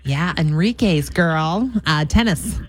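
A woman's voice: low voice, expressive, slow pace. A woman co-hosting a morning radio show, joking and teasing in casual banter. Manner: playful, teasing.

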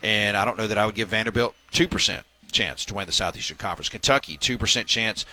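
A man's voice: fairly low pitch, fast, bright, forceful tone, poor audio. A man hosting a sports talk radio segment, reading news items with filler words and wry asides.

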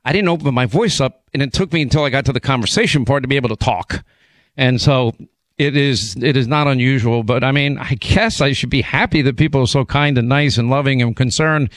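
A hoarse man hosting a talk radio show, his voice a little rough from a bout of laryngitis. He rambles, stumbles and repeats words, then rushes ahead in quick bursts. The sound is close and dry, with no room in it. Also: medium pitch, no echo. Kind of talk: casual on-air chat. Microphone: studio broadcast mic.

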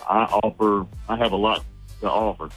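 A man calling in to a radio show, speaking earnestly with halting restarts. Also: on the low side, husky, soft background music, low-quality recording. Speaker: caller.

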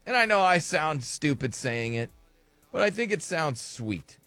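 A man co-hosting a casual podcast chat, animated and joking. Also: on the high side, a little slow, dry recording, faint music behind. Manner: animated, jokes in an old-timey voice. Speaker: podcast co-host.

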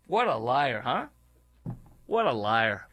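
A man hosting a political commentary show, delivering an indignant, emphatic rant that leaps up in pitch and loudness, then drops into low, muttered asides. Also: sing-song, slow pace. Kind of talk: opinionated monologue.

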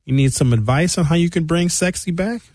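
Man in his fifties, fairly high voice, exasperated comic rant, dry close sound. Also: a little fast, no room sound. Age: 50s. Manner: exasperated, animated, playful. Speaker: host reading viewer comments. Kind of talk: comedic rant.

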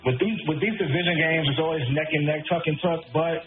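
A man's voice: fairly high pitch, quick pace. A man from Brooklyn with a Brooklyn accent, calling in to sports radio and bluntly, resignedly predicting loss after loss. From Brooklyn, New York. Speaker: caller. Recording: tinny phone line with music underneath.

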